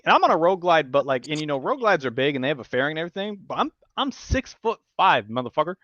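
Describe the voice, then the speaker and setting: A man tells a story in a casual podcast chat, swearing freely and acting out the people he quotes with lively energy. His voice sits at an average pitch. The recording is dry and a little dull. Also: fast talker, hardly any pauses, no room sound. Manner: animated storyteller, swears a lot, acts out quotes. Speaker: podcast host.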